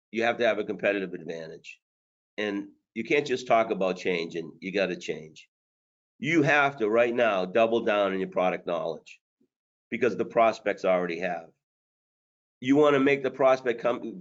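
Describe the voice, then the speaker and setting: A man's voice: fairly low pitch, dull audio. A man coaching sales managers on a webinar, blunt and hard-driving, with jokes along the way. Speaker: sales trainer.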